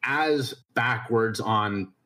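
A man's voice: medium pitch, drawn-out words, pushed and bright. A man from Ohio as an interview guest, speaking frankly and wryly and often repeating words as he restarts. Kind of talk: casual interview chat.

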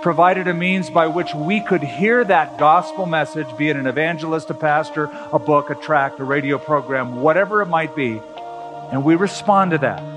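A middle-aged man preaching a sermon as a pastor, telling stories with slow, emphatic pauses. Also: on the high side. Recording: long hall reverb with faint music.

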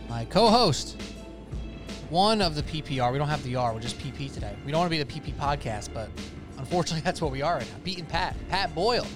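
A man's voice: fairly high pitch, lively intonation, fast talker, music in the background. A man hosting a sports podcast in a loose, rambling, casual chat with lots of fillers. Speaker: podcast host.

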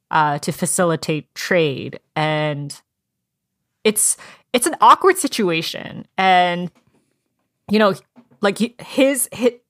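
A woman with a lowish voice chats about a book she loved. She retells scenes in a lively way, slipping into the characters' lines with plenty of fillers. The sound is close and dry, with no room around it. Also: dry recording. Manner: animated storytelling, acts out characters' lines. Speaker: book discussion co-host. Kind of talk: casual chat.

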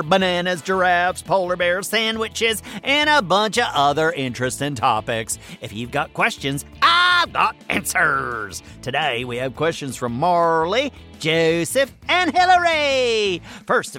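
A man voicing a boastful, excitable furry animal sidekick who hosts a kids' comedy radio show. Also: high-pitched, heavily acted.

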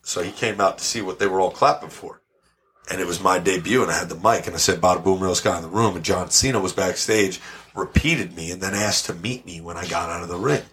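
A brash, animated man with a somewhat low voice tells stories on a podcast. He talks in a casual, profane way. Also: a little fast, slight background noise. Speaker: podcast guest. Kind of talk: casual storytelling.

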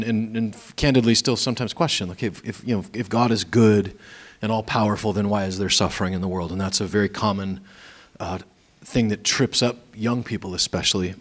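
Give me a thoughtful, low-voiced man reflecting candidly in a church interview. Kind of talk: reflective conversation.

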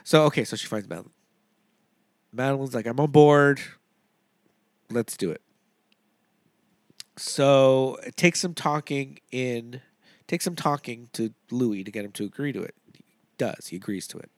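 A man's voice: medium pitch, moderate pace, no room sound, studio quality. A man co-hosting a casual movie podcast, rambling with lots of fillers and frequent laughs. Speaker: podcast co-host.

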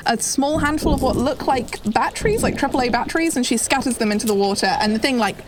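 A woman's voice: sits high, lively intonation, fast, noisy background. A woman narrating a tabletop game as game master, descriptive and rambling with lots of "kind of" and "like".

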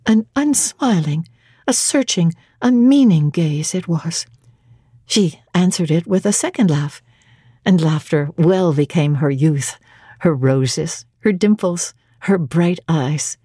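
A woman giving a measured, expressive dramatic reading of a classic novel on a close microphone. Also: fairly low pitch, slightly rough, dry recording.

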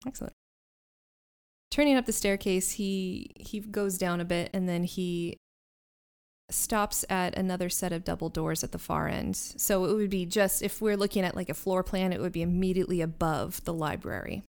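A woman's voice: fairly low pitch, moderate pace, darkish tone, clear, resonant tone. A woman narrating a tabletop role-playing game as game master, describing scenes and laughing often.

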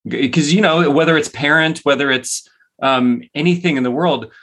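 A man's voice: fairly high pitch, normal speed, a bit bright. A man co-hosting a podcast, speaking casually in a rambling way with many restarts. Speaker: podcast co-host.

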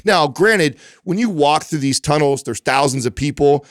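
A man co-hosting a podcast, telling a lively, profane anecdote in casual chat. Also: a little high, moderate pace, no echo, clean studio sound. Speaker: podcast co-host.

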